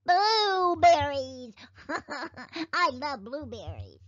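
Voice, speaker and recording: A woman narrating a toy play video for toddlers in an excited, sing-song voice, speaking as a cheerful toy character. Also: sits high, drawn-out words, no echo, highs cut off. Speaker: children's video host.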